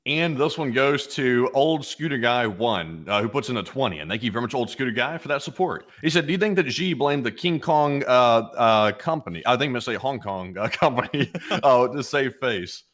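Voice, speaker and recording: A young man co-hosting a livestream, reading out donations and chatting in a relaxed, rambling way. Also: medium pitch, normal speed, few pauses. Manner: relaxed, rambling, filler-heavy. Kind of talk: casual livestream chat.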